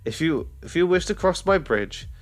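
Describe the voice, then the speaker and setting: A man voicing an angry male bridge troll who speaks slowly in a put-on accent. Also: on the high side, very animated, faint music behind, voice pushed up. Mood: menacing. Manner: slow, shouting, put-on accent.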